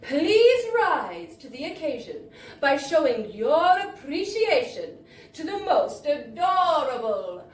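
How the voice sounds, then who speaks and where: Woman doing a pompous male circus ringmaster, booming and showy, high lively voice, roomy bar echo. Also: full character voice. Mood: grandiose. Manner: grand, drawn-out announcing. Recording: roomy live bar, distant mic.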